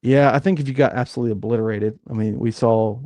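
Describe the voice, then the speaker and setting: A man co-hosting a casual sports podcast, talking in a relaxed, conversational way. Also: mid-range voice, fast, no echo. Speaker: podcast co-host.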